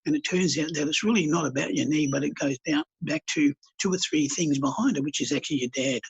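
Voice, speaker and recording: A man, a counsellor, telling stories calmly and earnestly in a podcast interview, with blunt colloquial words. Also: fairly high pitch, fast, creaky, slightly rough. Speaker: counsellor and healer guest. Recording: dull lo-fi podcast audio.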